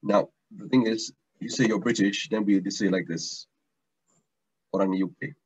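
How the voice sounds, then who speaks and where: A language teacher with a husky, low voice runs a casual online taster class over a call, speaking at a moderate pace in a steady tone. He's chatty, repeats words, and often restarts, all through dull lo-fi stream audio.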